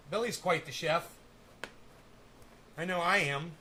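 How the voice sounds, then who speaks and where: Bright-voiced, profane stream host. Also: male voice, on the high side, measured pace, long pauses, a little hiss or hum. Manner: rambling, profane, testy banter. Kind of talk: casual live-stream chat.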